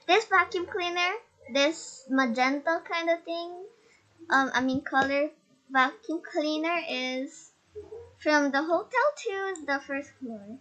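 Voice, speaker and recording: A high-pitched woman gives a casual, unhurried tour through a game house. Her shy, nervous delivery is full of stutters and restarts. Her voice comes through a face mask and is picked up by a laptop mic. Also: sharp tone, lo-fi sound.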